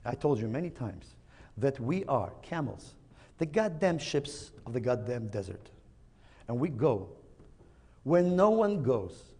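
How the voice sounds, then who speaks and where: A man's voice: mid-range voice, sing-song, measured pace, long pauses, warm tone. A man voicing an exasperated, swearing father camel in a joke told on stage in an echoey hall.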